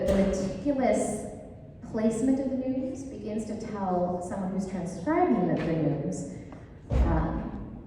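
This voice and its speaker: Chatty woman lecturer, mellow voice, really echoey hall, mic kinda far off. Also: mid-range voice, a little hiss or hum. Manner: chatty, enthusiastic, with fillers. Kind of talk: casual classroom lecture.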